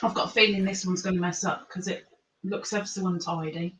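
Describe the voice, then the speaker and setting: A woman's voice: on the low side, fairly even intonation, a little fast, a bit bright, slight background noise. Giggly woman hosting a quiz chat. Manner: chatty and giggly, quizzing viewers. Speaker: host. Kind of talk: casual chat on a live game stream. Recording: echoey room.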